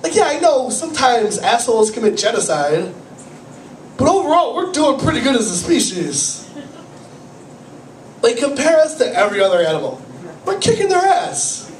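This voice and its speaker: A man's voice: very high-pitched, sing-song, normal speed, long pauses. A man doing a rambling, self-deprecating stand-up comedy set, swearing and fretting, while he has a cold. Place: small cafe comedy night, from the audience area. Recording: echoey cafe room, camera far off, audible noise.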